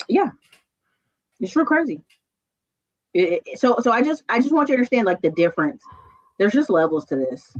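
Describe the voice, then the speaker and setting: A woman chatting casually on a stream, telling stories with quick asides. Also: fairly high pitch, highs cut off. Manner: animated storytelling, quick asides. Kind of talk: casual chat.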